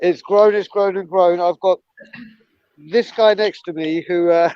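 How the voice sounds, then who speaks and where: A man's voice: high voice, fairly even intonation, slow pace, smooth, no room sound, dull audio. Emotional man stumbling over thanks. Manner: emotional, stumbling, repeats words. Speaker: leader of a fan group. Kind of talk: casual emotional thanks on a video call.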